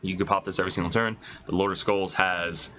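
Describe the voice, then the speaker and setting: A man with a congested voice, casually reading out and reacting to game rules as a host, excited and swearing, thinking aloud. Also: sits low, fast talker, a little hiss or hum, rough recording. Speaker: wargaming video host reviewing rules.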